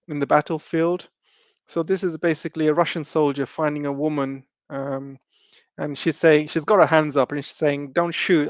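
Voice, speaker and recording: Guy rambling thru a live stream, kinda higher voice, lots of ums, dry close sound. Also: no room sound. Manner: loose, rambling, with many ums and restarts.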